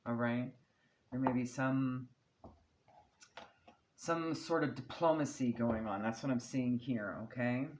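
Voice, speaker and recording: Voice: medium pitch, slow pace, long pauses, slight background noise, low-quality recording. A tarot card reader giving a casual channeled reading, reassuring and chatty, who often checks in with "okay?" and "right?". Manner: chatty, laughs now and then.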